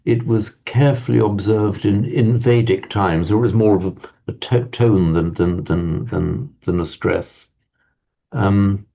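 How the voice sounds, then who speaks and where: A man teaches a language class in a slow, halting, thoughtful way, often restarting. His voice is low, dark and gravelly. The recording sounds dull and lo-fi. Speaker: Pali teacher.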